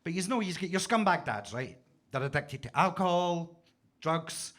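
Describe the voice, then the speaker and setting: Scottish stand-up in his forties, high bright voice, punchy self-mocking delivery. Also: animated, normal speed. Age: 40s. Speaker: stand-up comedian. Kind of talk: stand-up set. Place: basement comedy club stage.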